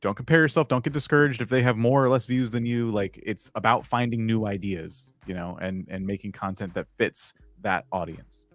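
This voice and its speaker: A man co-hosting a live stream, giving calm, direct advice to creators. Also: lowish voice, brisk, few pauses. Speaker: co-host giving channel advice.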